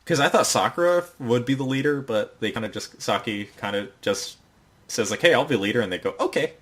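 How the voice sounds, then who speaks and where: A young man co-hosting a podcast, casually recapping an anime episode in a rambling way and acting out the characters' lines in quick put-on voices. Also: medium pitch. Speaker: podcast co-host.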